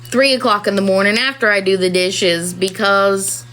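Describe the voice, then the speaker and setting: A woman's voice: medium pitch, moderate pace, fairly bright tone, low-quality recording. A woman, a mother of four, talking candidly and ramblingly in a casual personal talk to camera. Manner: candid and rambling, many "you know"s.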